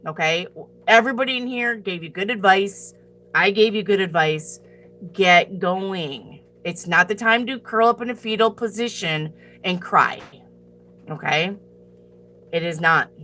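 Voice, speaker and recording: Blunt, bright-voiced woman scolding her chat. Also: mid-range voice, unhurried. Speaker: tarot reader answering live chat. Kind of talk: blunt live-stream chat.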